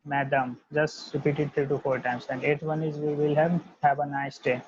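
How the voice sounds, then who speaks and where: A man teaching an online language lesson, repeating each word several times in a slow, deliberate way. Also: fairly high pitch, flat delivery, a little hiss or hum. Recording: dull lo-fi dry audio.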